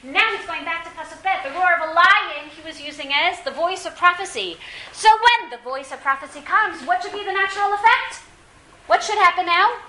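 A woman teaching a classroom Bible lesson, lively and questioning, often quizzing her students. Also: extremely high pitch, brisk, roomy sound, poor audio.

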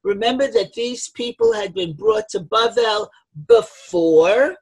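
A woman's voice: fairly high pitch, sing-song, slow pace, creaky, a little mellow, slightly rough. A woman teaching a text-study lesson, reading each source phrase and then explaining it, retelling scenes with dramatic emphasis. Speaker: Torah teacher.

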